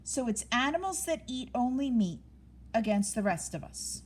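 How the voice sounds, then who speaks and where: A woman's voice: on the high side, big pitch swings, moderate pace, pitched above the performer's own voice. A woman voicing a helpful, organized rabbit who speaks in a practical, polite way.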